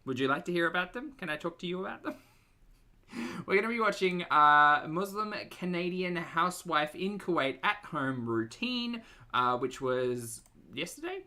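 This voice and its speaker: An Australian man hosting a casual reaction livestream, talking loudly and chattily. He has a bright, forward tone, and his pitch swings widely as he jokes at his own expense. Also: lively intonation, normal speed. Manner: chatty, loud and self-mocking.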